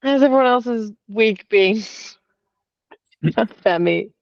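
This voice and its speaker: A woman's voice: on the high side, drawn-out words, gravelly, no echo. A young woman from Australia telling a personal story in a casual, rambling way, full of fillers, on a video call. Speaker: artist sharing in a group call. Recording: dull, lo-fi video call audio.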